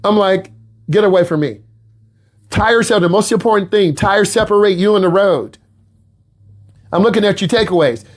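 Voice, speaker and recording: Animated man teaching a class. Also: sits high, normal speed. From Midwest US. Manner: animated, exhorting students, repetitive. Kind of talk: classroom lecture.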